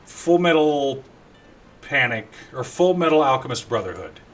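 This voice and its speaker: A man live streaming a game, chatting casually and animatedly with his viewers between quick asides. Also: mid-range voice, big pitch swings. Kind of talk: casual live-stream chat while gaming.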